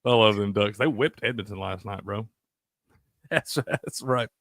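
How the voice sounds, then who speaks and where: A man's voice: lowish voice, measured pace, dry recording, studio quality. A man co-hosting a casual sports betting chat, cursing freely and laughing often. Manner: profane, animated, laughs a lot. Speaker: sports betting show co-host.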